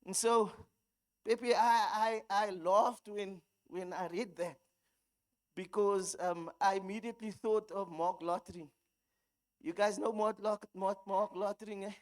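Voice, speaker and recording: A woman's voice: medium pitch, steady tone, a little slow, a little mellow. A woman preacher with a South African accent, giving a sermon that moves from storytelling into fervent exhortation.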